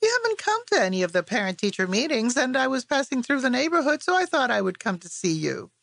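A woman narrator putting on a soft, sweet-voiced teacher from a storybook, gentle and polite, her voice lifted higher than the narration around her. She speaks with quiet concern, close and dry, with no room sound. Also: very animated, quick pace, vocal fry, dry recording, heavily acted. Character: kind, soft-spoken female schoolteacher. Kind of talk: audiobook character voice.

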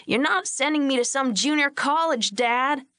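A brash, hotheaded young ranch son, voiced by a woman narrator, raising his voice higher and pushing hard. He sounds indignant and quick to blow up. Dry close recording. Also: lively intonation, bright, forceful tone, no echo.

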